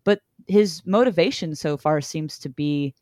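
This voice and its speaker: A woman's voice: low voice, measured pace, darkish tone, no room sound, studio quality. A woman casually chatting about a comic book, joking around and sometimes putting on character voices. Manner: playful, joking, puts on voices. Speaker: comic book podcast co-host. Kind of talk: casual chat.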